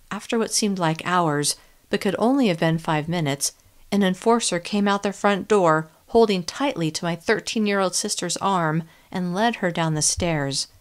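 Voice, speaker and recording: Woman narrating an audiobook, lowish voice. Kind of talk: first-person audiobook narration.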